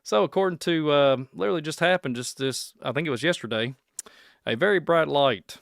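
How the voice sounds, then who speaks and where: A man's voice: on the high side, fairly quick, gravelly, a bit bright, no echo, clean studio sound. A man with a Kentucky accent hosting a podcast, reading posts and news aloud in a folksy, rambling way, repeating lines and slipping into preachy asides. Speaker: podcast host.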